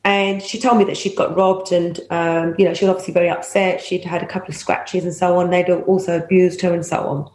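A woman's voice: on the low side, fairly quick, few pauses, slight background noise. Middle-aged woman telling anecdotes. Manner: lively, laughs often, acts out quoted voices. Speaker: former police officer, interview guest. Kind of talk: anecdotal storytelling. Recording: roomy echo.

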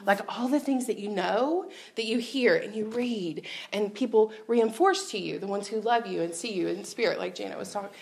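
A woman tells a personal faith story to a church crowd from the stage. Her voice has a gravelly, fry-laden edge, and she keeps it candid and chatty, often slipping into laughter. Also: mid-range voice, normal speed, few pauses. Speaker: speaker at a church gathering. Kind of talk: personal testimony talk.

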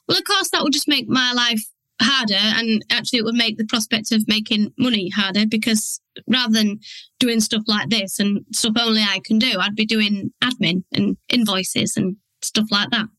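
A woman's voice: a little high, fairly quick, bright, forceful tone, dry recording, poor audio. A woman hosting a podcast alone, talking frankly and acting out her inner voice in quoted asides. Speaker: podcast host. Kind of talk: candid solo podcast talk.

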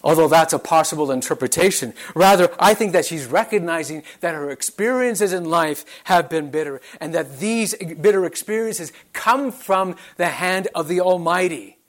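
Earnest male pastor, measured sermon delivery, slightly high-pitched. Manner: earnest, measured, rhetorical questions.

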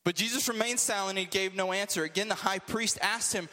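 A man's voice: high-pitched, fairly quick, few pauses, sharp tone, long reverb tail. A man preaching a casual, conversational sermon to a group, with joking asides.

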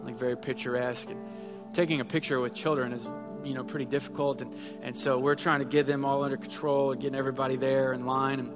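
Preaching quickly in a medium-pitched voice with little pitch movement, a pastor in his thirties keeps his sermon conversational and acts out small quotes. The church sanctuary gives the recording long hall reverb, with faint music underneath.

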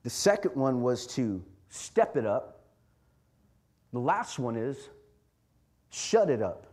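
A man's voice: mid-range voice, sing-song, takes it slowly, darkish tone. A man preaching a sermon as pastor, impassioned and repeating lines for emphasis.

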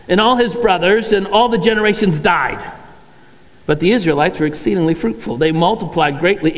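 A male pastor delivers a conversational sermon, reading scripture aloud between his own remarks. His voice sits high for a man. The church hall around him rings with a long reverb. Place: church sanctuary.

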